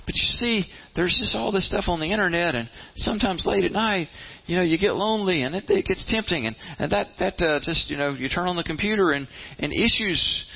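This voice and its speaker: Pastor, male, somewhat high voice, folksy plain-spoken preaching with restarts, dull lo-fi recording. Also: lively intonation, a little fast, gravelly, breathy edge. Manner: plain-spoken, repeats words, acts out inner voices. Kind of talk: conversational sermon. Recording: slightly muffled, lo-fi.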